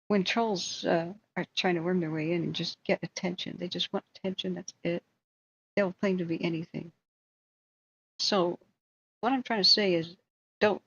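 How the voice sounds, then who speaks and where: A woman's voice: lowish voice, vocal fry, muffled recording, a little hiss or hum. A woman hosting a livestream in casual chat, rambling and talking to her viewers. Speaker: livestream host.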